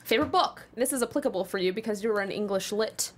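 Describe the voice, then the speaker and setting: A woman hosting a studio interview, firing quick questions and reacting chattily. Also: mid-range voice. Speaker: interview host. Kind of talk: rapid-fire question interview.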